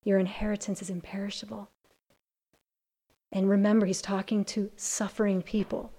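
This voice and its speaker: Earnest woman teaching scripture, mellow voice. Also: medium pitch, little pitch movement, moderate pace. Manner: earnest, builds from hushed to emphatic. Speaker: Bible teacher. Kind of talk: Bible teaching to women.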